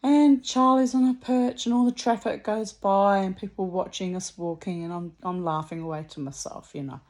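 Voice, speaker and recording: A woman's voice: medium pitch, normal speed, a little mellow. A middle-aged woman, casually telling a rambling story with many asides. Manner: rambling and chatty, full of asides. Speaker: vlogger.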